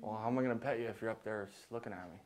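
A man's voice: lowish voice, racing, noisy background. A young man, a hockey player, chatting casually at an animal shelter, playful and laughing, cooing at the animals in a lapel mic. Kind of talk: casual chat while petting shelter animals.

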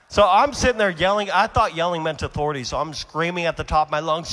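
A man's voice: a little high, fairly even intonation, quick pace. Fervent preacher man in a big echoing hall. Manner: storytelling, swings from quiet to shouting. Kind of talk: conference sermon.

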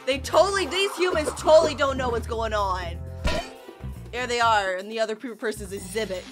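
A young woman hosting a reaction video, excitedly commenting and laughing often. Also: a little high, moderate pace. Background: video soundtrack music playing.

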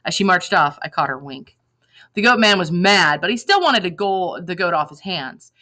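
A woman reading a novel aloud in lively first-person narration, acting out the dialogue. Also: on the low side, moderate pace, rough recording. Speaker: reader.

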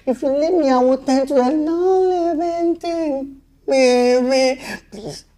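A man's voice: very high-pitched, slow, warm tone. A man with a Nigerian accent playing a besotted husband who stammers, pleads and dotes on his wife in a Nollywood movie. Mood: begging. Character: besotted hen-pecked husband, soft and begging. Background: background music.

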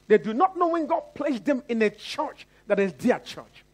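A man's voice: big pitch swings, normal speed. A pastor from Nigeria preaching a sermon, calling out to the congregation again and again and acting out the voices he quotes. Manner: preaching with repeated call-outs to the congregation; acts out quoted voices with big pitch swings.

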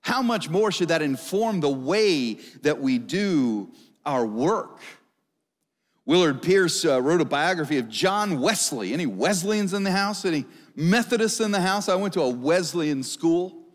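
A man's voice: on the high side, big pitch swings, unhurried. A male pastor preaching a conversational sermon, asking the congregation questions. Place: church service hall. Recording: long hall reverb.

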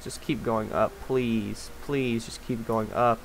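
A young man doing rage gameplay commentary, cursing, pleading with and shouting at the game, from low mutters to loud yells. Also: normal speed, hardly any pauses. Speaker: gaming YouTuber. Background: game music.

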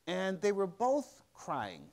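A middle-aged man speaks to a lecture audience in a slightly high voice, his pitch swinging widely as he tells a story. He restarts his sentences often and slips into soft, quiet asides. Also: huge pitch swings, vocal fry. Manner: conversational, halting with frequent restarts and fillers. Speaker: museum director giving a public lecture.

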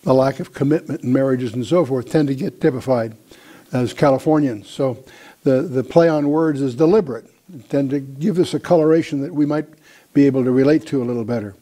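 A man teaching a Bible study lecture in a measured, deliberate way, pausing often with "uh". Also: mid-range voice, dark tone.

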